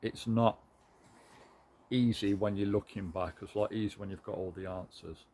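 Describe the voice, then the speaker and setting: A man's voice: fairly low pitch, fairly even intonation, normal speed, darkish tone. A British man giving a candid, earnest and encouraging motivational talk to his viewers. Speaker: motivational vlogger.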